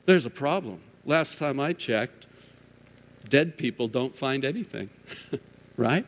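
A man's voice: medium pitch, lively intonation, takes it slowly, slight background noise. Man preaching with dramatic swells in a reverberant hall. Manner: dramatic preaching with rising emphatic peaks and hushed drops. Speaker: pastor. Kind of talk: sermon.

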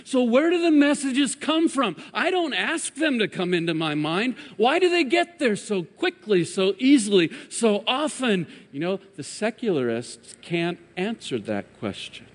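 A man preaching a sermon, his voice sitting a little high for a man. He builds to emphatic, raised peaks and then drops to hushed lines. The sound carries a long reverb from a large hall. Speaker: pastor.

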